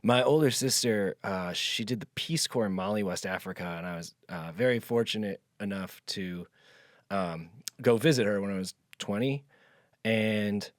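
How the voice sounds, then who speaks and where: A young man co-hosting a podcast, telling a long anecdote in a casual, animated way and acting out the voices in it. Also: lowish voice, no echo, clean studio sound. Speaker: podcast co-host. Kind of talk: casual storytelling.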